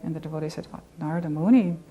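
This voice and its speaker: A woman's voice: sits low, racing, dark tone, slightly rough, lo-fi sound. A woman telling a short anecdote as a devotee, in a light, amused way.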